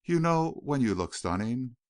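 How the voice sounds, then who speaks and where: In an audiobook, a male narrator voices an earnest, wistful young veteran turned rancher, pitching his voice above his natural one while staying close to everyday speech. The medium, darkish voice swings widely in pitch at a normal speed, recorded clean in a studio with no room sound.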